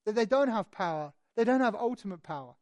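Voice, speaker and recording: A preacher works through a passage in an easy, conversational way, asking rhetorical questions and telling the story with animation. The voice sits at a middle pitch. The room is dry and close. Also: animated, quick pace, darkish tone, no echo. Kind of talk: expository sermon.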